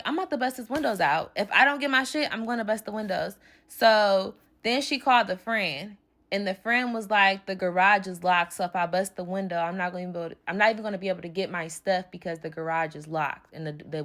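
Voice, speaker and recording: A woman tells her own story in a casual storytime style. Her voice sits at a middle pitch. She is blunt and freely profane, and she acts out the people she quotes in her own voice. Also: a bit bright.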